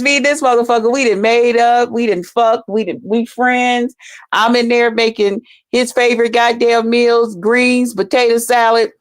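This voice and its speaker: Profane, animated woman telling a story. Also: a little high. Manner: profane, animated, addresses viewers as y'all. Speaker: YouTuber telling stories to viewers. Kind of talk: casual storytelling vlog.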